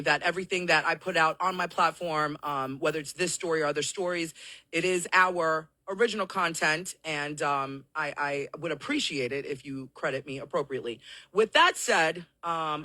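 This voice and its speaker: Host type: hoarse woman, bright edge, high for her, explains at length, dry close sound. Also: no room sound. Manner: apologetic, explaining at length to viewers. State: hoarse from coughing; out of breath. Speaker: live show host. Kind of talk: live-stream talk show address.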